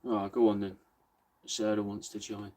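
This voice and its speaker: A man's voice: fairly low pitch, little pitch movement, moderate pace, heavy background noise. A young man hosting a casual craft stream, joking and swearing freely in laid-back banter. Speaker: podcast host livestreaming crafts. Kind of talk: casual chat.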